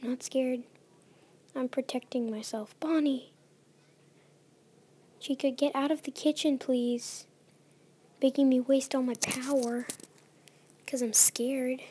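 A woman's voice: high-pitched, steady tone, slow pace, long pauses, dark tone, breathy edge. A young woman commentating a horror game as she plays, nervous and often dropping to a whisper. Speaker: let's play gamer.

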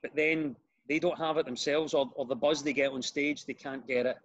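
A man with a Glaswegian accent, a comedian and radio presenter, telling stories in a casual podcast chat with lively restarts. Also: a little high, moderate pace, lo-fi sound. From Glasgow, Scotland. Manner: animated storyteller with frequent restarts.

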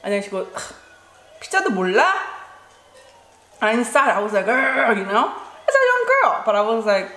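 A woman's voice: fairly high pitch, big pitch swings, brisk. A Korean-born woman in her forties, a native Korean speaker, chatting casually and telling a story with lots of "you know" and "like". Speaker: vlogger. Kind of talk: casual storytelling during a mukbang. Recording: roomy room with faint background noise.

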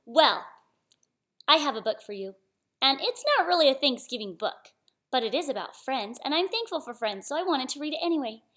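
A woman's voice: high voice, lively intonation, fairly quick, fairly bright tone. A woman hosting a children's story channel, reading a picture book aloud in a sing-song manner and asking the young listeners questions.

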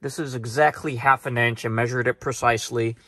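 A man's voice: mid-range voice, steady tone, brisk, a bit bright. A man hosting a casual car tutorial vlog, chatty and sarcastic, with lots of ums. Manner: sarcastic, joking; chatty with many fillers. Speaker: car channel host.

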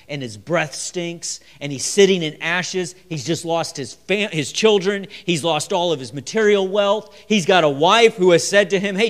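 A middle-aged pastor delivers a midweek sermon in a church. His fairly high voice swings widely up and down as he acts out quotes and tells stories. He chuckles now and then between points. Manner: lively, storytelling delivery with chuckles and acted quotes. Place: church sanctuary.

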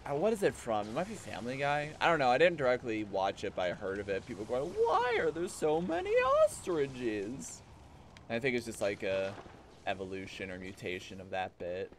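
A young American man streaming a video game, muttering to himself and then breaking into exasperated yells at the screen. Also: fairly low pitch, fast talker, a little hiss or hum. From United States. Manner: excitable, swinging from muttered self-talk to exasperated yelling. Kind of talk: live gameplay commentary.

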